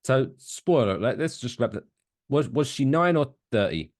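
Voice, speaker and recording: A man's voice: mid-range voice, normal speed, no echo. A man co-hosting a podcast, chatting casually and telling rambling stories with plenty of swearing. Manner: animated, rambling storyteller who swears. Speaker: podcast co-host. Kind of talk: casual chat.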